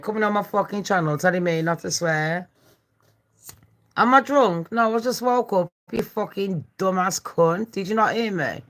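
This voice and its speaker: A livestream host in her forties swears, rants and confronts commenters in between true-crime conversation. Her voice is mid-range and fairly bright, and she comes across as foul-mouthed and combative.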